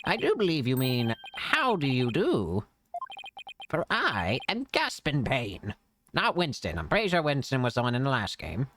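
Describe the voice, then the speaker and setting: A man voicing a smug, pompous male prosecutor in a game, speaking slowly and drawing out his words, with game music behind. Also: medium pitch, huge pitch swings, background noise. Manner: slow, drawn-out, self-important. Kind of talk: video game voice acting.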